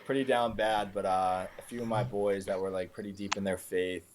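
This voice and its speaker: Young man, very low voice, laid-back and filler-heavy, guesting on a call-in podcast. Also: flat delivery, moderate pace, noisy background. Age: young adult. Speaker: guest, content creator. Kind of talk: casual podcast chat. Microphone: remote call.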